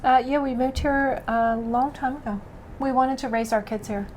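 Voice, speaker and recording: A woman yarn dyer talks as a guest in a casual interview, choosing her words slowly and carefully. Her voice is fairly high, with a faint hiss behind it. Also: steady tone, a little mellow. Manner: measured and thoughtful, slow and careful.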